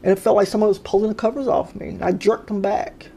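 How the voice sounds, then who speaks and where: A woman's voice: medium pitch, fairly even intonation, fast talker, creaky, mellow, a little hiss or hum. A woman casually telling personal paranormal stories, rambling and hesitant, with frequent restarts and fillers. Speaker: storyteller sharing paranormal experiences. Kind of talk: casual spoken storytelling.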